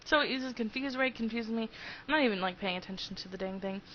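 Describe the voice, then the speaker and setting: A woman's voice: fairly high pitch, fast, fairly bright tone. A giggly, hyper young woman talks through her video game run in loose, rambling commentary. The recording is dull and lo-fi, with a faint hiss underneath. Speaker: let's play host. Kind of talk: casual gameplay commentary.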